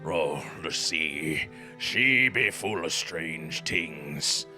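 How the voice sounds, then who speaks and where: A man voicing a gruff, rustic old retired whaler with a drawling sailor's way of talking. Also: rumbling low, lively intonation, drawn-out words, over music, voice pushed down, exaggerated voice. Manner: rustic drawl, dropping grammar.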